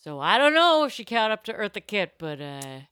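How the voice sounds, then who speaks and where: A young woman chatting casually on a podcast, laughing often as she spins anecdotes. Her voice is bright and forward, rising and falling freely. The sound is dry and close. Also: mid-range voice, big pitch swings, normal speed, clean tone, no echo. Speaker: podcast co-host. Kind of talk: casual chat, storytelling.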